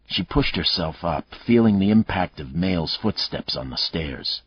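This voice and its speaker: A man narrates a thriller audiobook in a measured, dramatic way. His voice is very low and husky, with a lively rise and fall. The recording is dry and slightly dull.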